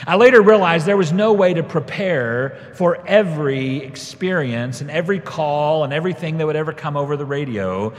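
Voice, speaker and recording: Man, preacher, sermon, storytelling, slightly high voice, long hall reverb. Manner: storytelling, rises when quoting himself.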